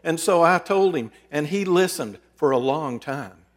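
A man's voice: on the high side, expressive, unhurried. Earnest preacher man in a reverberant hall. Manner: earnest, conversational, with dramatic swings in loudness. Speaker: preacher and counselor. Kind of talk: storytelling sermon. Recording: long reverb in a large hall.

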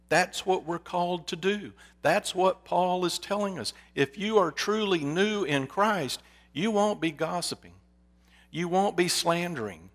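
A man preaching a sermon in an earnest, storytelling manner. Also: on the high side. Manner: earnest, telling a story with hushed quoted whispers.

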